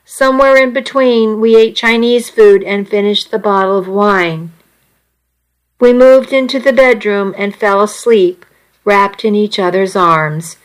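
A woman reading a first-person romance story aloud in a soft, intimate way. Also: mid-range voice, measured pace, rough recording. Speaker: audiobook narrator.

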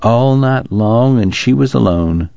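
A man's voice: on the low side, slow, a little mellow, no echo. A man reading as an awed former preacher. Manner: earnest, awed. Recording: dull lo-fi recording.

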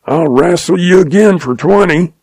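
A quick-witted young cowboy spinning a tall tale with folksy ease, voiced by a male narrator. The voice is warm and mellow. It sounds close and dry, like a storybook reading. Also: medium pitch, expressive, no echo. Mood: hollering. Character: young cowboy, sly and smooth-talking.

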